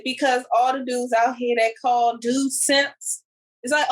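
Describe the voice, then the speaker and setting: A woman's voice: a little high, unhurried, low-quality recording. A woman co-hosting a podcast in casual chat, animatedly retelling what others said. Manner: animated storyteller, retells clips with quoted voices. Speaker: podcast co-host.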